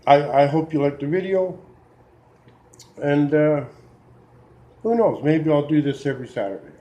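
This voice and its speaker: A man's voice: on the high side, expressive, normal speed, dark tone, rough recording. A man talking to camera in an exasperated opinion rant, getting worked up, with restarts and sighs. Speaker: video blogger.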